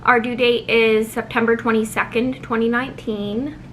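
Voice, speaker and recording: A young woman chatting casually at home in a vlog, talking quickly with lots of ums and sounding a little out of breath. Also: fairly high pitch, flat delivery, slight background noise, rough recording. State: slightly out of breath. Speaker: vlogger. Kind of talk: casual pregnancy update vlog.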